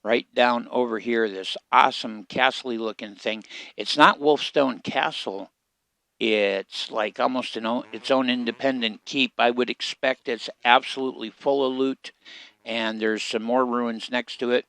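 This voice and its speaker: A man with a gravelly, creaky edge talks casually over his gameplay, muttering to himself as he goes. His voice sits close and dry, with little room around it. He sounds easygoing, like someone narrating a solo session. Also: medium pitch, measured pace, no echo. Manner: relaxed, muttering to himself while playing. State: hiccups. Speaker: game streamer.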